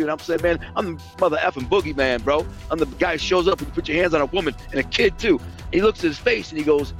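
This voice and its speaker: A man's voice: on the high side, fairly bright tone, rough recording. A man telling his past in casual spoken storytelling. He talks bluntly, swears, and acts out the dialogue he quotes.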